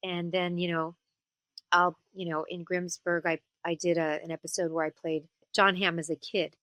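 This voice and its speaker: A woman voice actor and singer chatting as an interview guest, telling stories in an animated way and slipping into character voices. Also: on the low side, normal speed, no echo. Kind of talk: casual interview chat.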